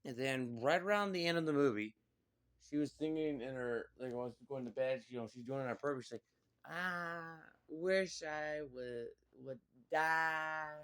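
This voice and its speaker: A man talks through a movie review in a loose, casual way. He rambles and leans on "like" and "you know" as he goes. His voice sits at an ordinary middle pitch. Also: quick pace.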